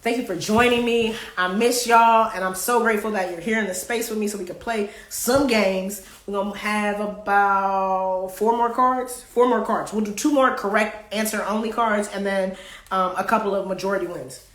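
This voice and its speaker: A woman's voice: medium pitch, steady tone, moderate pace, fairly bright tone. A woman hosting a live card game, reading questions aloud in a playful way and singing bits of songs. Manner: playful, sings song snippets, reads cards aloud. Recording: echoey room.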